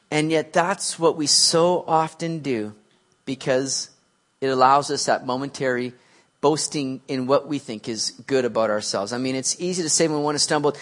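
At medium pitch, a man preaches a sermon in an animated, conversational way, frequently restarting his sentences.

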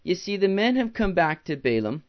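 A man's voice: high voice, sing-song, normal speed. A man preaching a sermon in an earnest, conversational way, reading scripture and paraphrasing it, in a large hall with a dull recording. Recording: dull sound with long hall reverb.

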